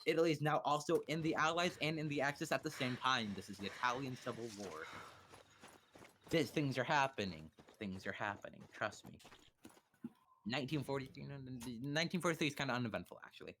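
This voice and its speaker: A man's voice: medium pitch, fast talker, sharp tone, a little hiss or hum. A young man casually explaining history on a livestream, swearing and cracking crude jokes. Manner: crude, joking, profane.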